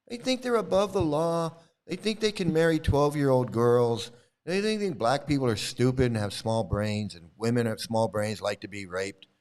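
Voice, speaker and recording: The voice is a man's, mid-range with a darkish tone. He's a middle-aged YouTube channel host on a live stream, furiously ranting and hurling profanity at commenters in a confrontational manner.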